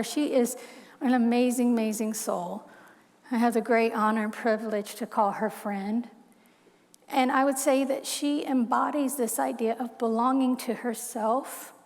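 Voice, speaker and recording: A woman minister preaching a heartfelt sermon in a soft, measured voice. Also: on the high side. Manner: heartfelt, soft-spoken, slow measured reading. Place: church sanctuary. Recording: long church hall reverb.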